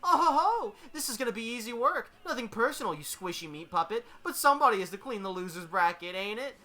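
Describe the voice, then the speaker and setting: Man putting on a loud gleeful mercenary voice, high and cackling, taunting, unhinged. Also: lively intonation, fast talker.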